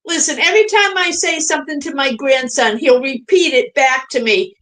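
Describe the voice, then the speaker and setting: Older Boston woman, high voice. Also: moderate pace, fairly bright tone. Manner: laughing, self-deprecating storyteller. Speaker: guest. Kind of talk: casual chat.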